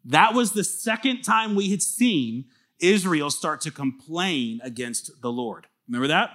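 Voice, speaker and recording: A pastor preaching a sermon in a lively, conversational way, often asking the listeners questions. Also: male voice, a little high, a little slow. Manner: casual fillers and restarts.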